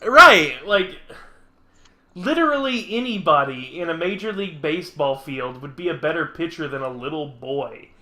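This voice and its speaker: A man's voice: fairly high pitch, animated, normal speed, sharp tone. A young man streaming a game, telling a long rambling story full of fillers and laughter. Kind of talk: casual gameplay chat. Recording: echoey room.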